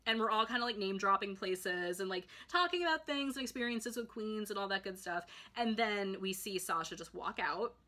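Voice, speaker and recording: Bright-voiced chatty young woman vlogger. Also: mid-range voice, normal speed, few pauses. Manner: chatty, filler-heavy, excitable. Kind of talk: casual storytime monologue.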